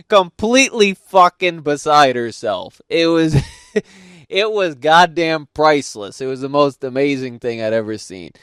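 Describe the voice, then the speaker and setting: Animated, profane man telling a story. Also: on the high side, no room sound, studio quality. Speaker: host. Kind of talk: casual storytelling monologue.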